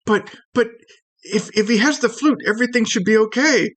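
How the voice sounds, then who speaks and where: A man voicing a tiny, blunt and eager male Minish with a high-pitched, chirpy voice. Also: moderate pace, a bit bright.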